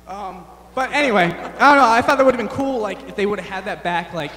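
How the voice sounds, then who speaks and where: A young man performing a rambling, self-deprecating stand-up set, halting often with fillers. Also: sits high, a bit bright, roomy sound, in a large hall. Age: young adult. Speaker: stand-up comedian. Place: large chapel hall on stage.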